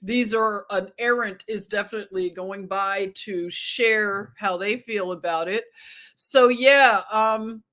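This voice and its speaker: A woman's voice: medium pitch, takes it slowly, a bit bright. A woman hosting a casual livestream, reading news headlines aloud with sarcasm and chuckling at them. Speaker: livestream host.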